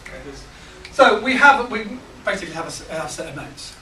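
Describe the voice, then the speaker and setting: A man teaching a small group, relaxed and halting, full of ums and restarts. His voice sits high and is caught from a distance. A roomy echo and steady background noise hang around him. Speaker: songwriting workshop leader. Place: large hall with a small group. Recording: echoey room, picked up from afar, noisy.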